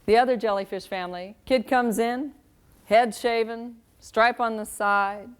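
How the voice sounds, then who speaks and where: Middle-aged woman, parenting lecturer, wry, lively, acts out quotes. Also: fairly high pitch, unhurried, clear, resonant tone. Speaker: parenting speaker.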